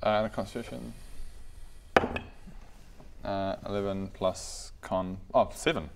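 Mid-pitched man playing a tabletop game. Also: fairly even intonation, a little slow, gravelly. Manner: hesitant, stumbling over words. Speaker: player. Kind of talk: casual tabletop play.

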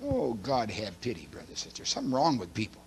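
A man preaching a sermon, emphatic and preachy, swinging between loud declarations and hushed asides, and reading scripture aloud quickly. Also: medium pitch, huge pitch swings, a little hiss or hum.

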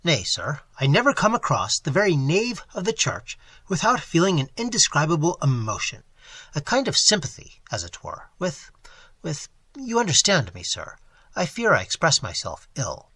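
A man voicing a smooth-talking young gentleman who flatters with theatrical, pious fervour. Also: fairly high pitch, moderate pace, no room sound, heavily acted. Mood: fervent.

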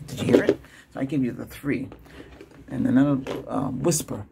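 A man in whispered role-play as a doctor, talking in a chatty, rambling way, laughing often and moving between a whisper, a soft voice and his normal voice. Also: mid-range voice, steady tone, a little slow, vocal fry, a little hiss or hum.

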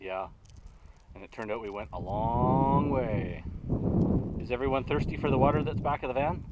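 On a desert trail outdoors, a parent vlogger narrates a family hike in a casual, chatty way, encouraging his kids. He has a mid-range voice at normal speed. Wind and outdoor noise come through clearly.

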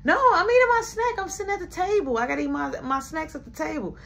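A woman voicing a young child whining that she wants to eat her snacks at the table, in a high and protesting tone. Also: very animated, fast, creaky, a bit bright, exaggerated voice. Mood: whiny.

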